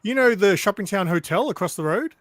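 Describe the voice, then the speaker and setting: Aussie guy on a stream call, high voice, telling stories all animated. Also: a little fast, no echo. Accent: Australian. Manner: animated storyteller. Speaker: guest on a stream panel. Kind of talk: casual chat on a video call.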